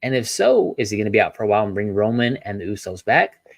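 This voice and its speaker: A man hosting a solo wrestling review podcast, ranting with many rhetorical questions and pausing to apologize for his tangents. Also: fairly low pitch, big pitch swings, vocal fry, dry recording.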